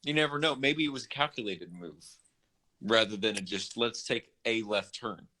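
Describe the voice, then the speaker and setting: A man co-hosting a casual music podcast, chatty and animated, often restarting and correcting himself. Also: on the low side, normal speed. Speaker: podcast co-host.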